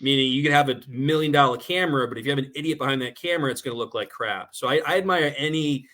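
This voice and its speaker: A man with a New York accent talks fast through his stories, his voice nasal and bright with a forceful edge. He chats as a guest on a talk show, animated and quick. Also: medium pitch. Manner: fast-talking, animated storyteller. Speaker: guest filmmaker. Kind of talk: casual talk-show chat.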